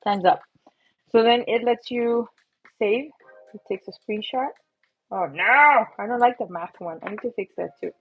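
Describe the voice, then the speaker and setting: A young woman hosting a casual live drawing stream, bubbly and excitable, chatting to viewers as she draws. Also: a little high, a little slow, slightly rough. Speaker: livestream doodling host. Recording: slightly muffled, faint music behind.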